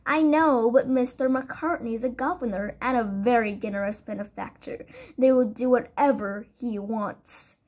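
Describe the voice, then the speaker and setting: Woman doing a scared little orphan girl, teary and breathy, kinda high voice, storybook reading. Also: moderate pace, a little mellow, close to an everyday voice. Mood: tearful, wistful. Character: timid tearful young orphan girl. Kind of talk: audiobook character voice.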